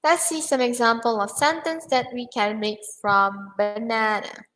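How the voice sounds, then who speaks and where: A woman's voice: on the high side, fairly even intonation, unhurried, fairly bright tone, soft background music, poor audio. A young woman teaching English pronunciation in an online lesson, patiently repeating words for learners.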